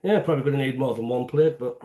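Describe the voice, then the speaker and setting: A man's voice: medium pitch, fast talker, mellow. A man hosting a casual home cooking livestream, chatting and explaining each step in a rambling way. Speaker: home cooking channel host. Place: home kitchen.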